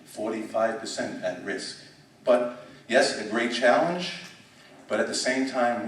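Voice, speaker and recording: A middle-aged American school superintendent gives an emphatic conference speech in a conference room, with repeats and restarts. His voice is medium-pitched and fairly bright, at a measured pace. The hall is echoey and he's far from the mic.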